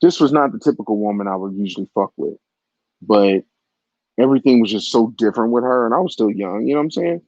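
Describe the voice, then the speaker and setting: A man's voice: on the low side, animated, fast talker, darkish tone, dry recording. A man in his forties telling a raunchy personal story in a crude, rambling way, with frequent asides to the listener. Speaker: vlogger. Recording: dull, lo-fi, dry audio.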